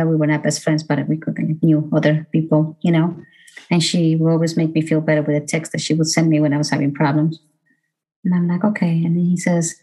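Low-voiced woman telling a grief story. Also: warm tone, rough recording. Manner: halting, emotional storytelling with many fillers and restarts. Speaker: bereaved mother speaking about road safety. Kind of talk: personal testimony talk.

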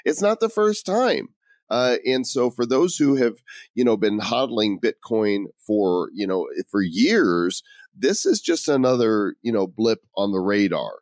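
A man's voice: fairly low pitch, unhurried, a little mellow, no echo, clean studio sound. A man co-hosting a podcast in casual chat, joking around and reading out bits of articles. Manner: joking, reads out article quotes. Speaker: podcast co-host.

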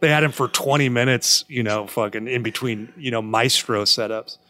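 A man's voice: mid-range voice, moderate pace, no echo. Joking, profane man co-hosting a podcast. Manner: joking, profane, animated storyteller. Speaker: co-host. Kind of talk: casual podcast chat.

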